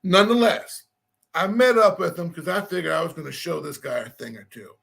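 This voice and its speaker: Casual male storyteller, self-mocking, raspy fry and a bright, high tone. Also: big pitch swings, brisk. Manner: rambling, self-deprecating, restarts and laughs.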